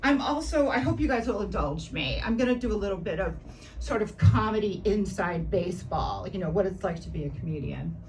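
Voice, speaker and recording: A woman performing a stand-up comedy set on a club stage, brash and animated, often laughing at her own jokes. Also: medium pitch, fairly quick. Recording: distant mic with noisy room.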